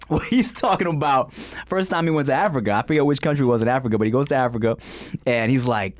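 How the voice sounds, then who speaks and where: A man co-hosting a podcast, chatting casually, crude and quick to laugh. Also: mid-range voice, no echo, studio quality. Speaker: podcast co-host. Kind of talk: casual chat.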